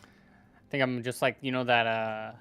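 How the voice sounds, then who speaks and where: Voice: medium pitch, level tone, measured pace, a bit bright, clean tone. A player in a tabletop game who talks in a rambling, casual way and laughs often.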